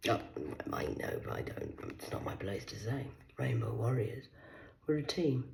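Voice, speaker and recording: A woman's voice: rumbling low, huge pitch swings, normal speed, creaky, slight background noise, low-quality recording. Rambling, profane woman. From Cornwall, England. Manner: profane, rambling, veers between hushed whispers and loud outbursts. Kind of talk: rambling solo monologue to camera.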